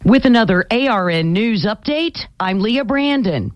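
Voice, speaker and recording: A woman delivering a state radio network news update in a bright, measured newscast style. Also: medium pitch, animated, dry recording.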